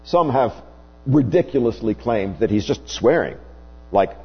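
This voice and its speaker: A man preaching a sermon, slow and emphatic, his voice rising and falling widely as he stresses points. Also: very animated, husky. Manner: slow, emphatic preaching with wide swings in pitch. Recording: dull, hummy recording with long reverb.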